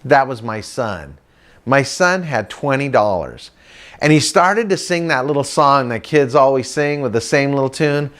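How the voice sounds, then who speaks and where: A middle-aged man telling a funny family story to a live audience, animated and chatty, slipping into sing-song voices for the people in it. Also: mid-range voice, normal speed, clean tone. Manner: lively storyteller who breaks into sing-song voices for his characters. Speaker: comedic motivational speaker.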